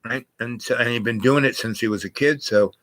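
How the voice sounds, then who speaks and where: A man's voice: medium pitch, fairly quick, fairly bright tone, rough recording. A man telling a personal story in a casual, rambling way, often restarting his sentences and at times sounding close to tears. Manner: rambling, digressive, with many restarts; emotional, near tears at times.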